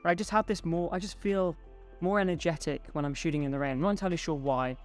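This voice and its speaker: A man with a slightly high voice talks relaxed and chatty to his camera from home, enthusing to his viewers. Faint music plays behind him. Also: fast. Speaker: photography video creator. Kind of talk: casual talk to camera. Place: indoors at home. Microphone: home studio mic.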